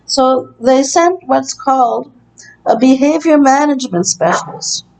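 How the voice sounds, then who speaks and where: Brief: bedbound woman recording a testimony in her care-home room, mellow tone, earnest and aggrieved, halting delivery. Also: sits high, vocal fry, poor audio. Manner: earnest, aggrieved, hesitant with frequent uh. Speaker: long-term care resident. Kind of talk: personal testimony vlog.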